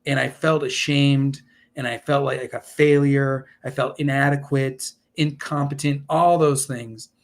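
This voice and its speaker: A man's voice: medium pitch, little pitch movement, a little slow. A man in his forties, a podcast guest telling his story in an earnest, rambling way with many restarts. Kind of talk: casual interview storytelling.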